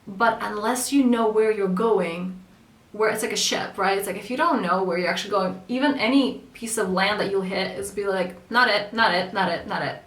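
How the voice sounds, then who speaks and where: A woman's voice: mid-range voice, normal speed. Woman, spiritual coach; earnest conversational delivery, acts out quoted voices; echoey room, distant mic. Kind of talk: casual spoken coaching talk.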